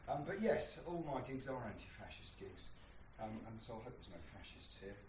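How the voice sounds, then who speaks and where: A man's voice: fairly low pitch, sing-song, brisk, echoey room, distant mic, background noise. A man from Britain, a folk singer, chatting loosely to a club audience between songs, rambling and self-deprecating with many ums. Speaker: folk singer performing live. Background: acoustic guitar.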